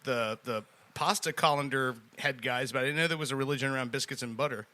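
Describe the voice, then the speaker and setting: A man's voice: medium pitch, fast, pushed and bright. A man co-hosting a podcast, telling rambling anecdotes and stumbling over his words in casual banter. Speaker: podcast co-host.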